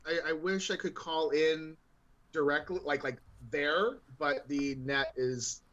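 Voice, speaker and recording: A man's voice: on the high side, slow. Man on a dull, lo-fi remote line. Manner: rambling and relaxed, with many fillers while he explains. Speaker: podcast co-host. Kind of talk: casual podcast chat. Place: remote, at a gaming convention.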